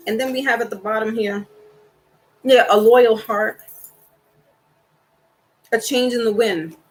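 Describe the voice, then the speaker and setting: A woman's voice: a little high, pushed and bright, poor audio. A woman giving a casual tarot card reading, chatty and rambling as she talks straight to her viewers. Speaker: tarot reader.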